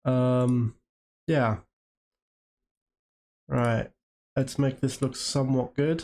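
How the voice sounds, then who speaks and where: A man's voice: medium pitch, fairly even intonation, drawn-out words, darkish tone. A man from Great Britain and Germany chatting casually on a live stream, rambling while he works and answering viewers' questions.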